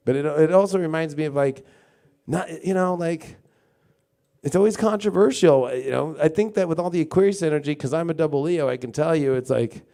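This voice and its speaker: A man's voice: a little high, a little fast, dark tone. A man giving a casual live-stream tarot and astrology reading, rambling, swearing freely and acting out mocking quotes. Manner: rambling, filler-heavy talk.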